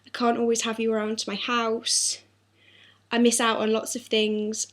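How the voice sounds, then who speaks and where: A woman's voice: fairly high pitch, monotone, normal speed. A young woman talking earnestly and apologetically in a personal video diary, her throat sore. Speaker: vlogger.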